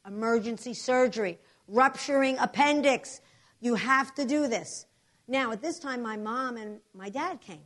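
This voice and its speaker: Animated woman preaching a testimony. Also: fairly high pitch, a little slow. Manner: animated storytelling, acts out voices. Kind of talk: sermon testimony.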